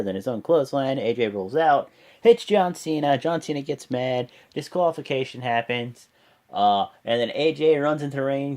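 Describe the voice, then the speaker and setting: A man hosting his own reaction channel, recapping a show casually with lots of fillers and rambling asides. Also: mid-range voice. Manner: rambling, with many fillers and "and whatnot"; breaks into loud, excited voices when quoting. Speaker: host of a wrestling reaction channel.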